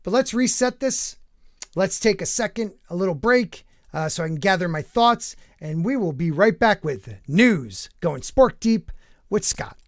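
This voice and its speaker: A man with a high-pitched, expressive voice speaks a little slowly while hosting a live podcast, recorded cleanly in a studio with no echo. In casual live-stream news commentary, he reads entertainment news aloud and rambles through his thoughts with lots of fillers.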